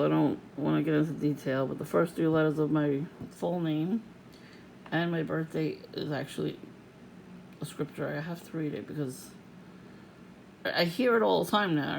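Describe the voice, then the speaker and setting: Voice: mid-range voice, gravelly, a little mellow, a little hiss or hum, poor audio. An adult vlogger venting in a casual, profane rant to the camera, laughing often.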